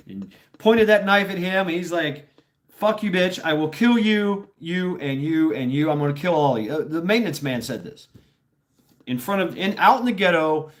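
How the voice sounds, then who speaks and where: A man's voice: medium pitch, a bit bright. A man from Tennessee hosting a casual livestream, telling stories in a rambling, blunt way with plenty of swearing and filler words. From Tennessee, USA. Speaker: livestream host.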